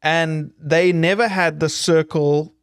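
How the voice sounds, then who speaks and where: A man's voice: a little high, fairly even intonation, takes it slowly, clean tone, no room sound, clean studio sound. A man from South Africa co-hosting a podcast in a casual, joking chat with rambling asides. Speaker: podcast co-host.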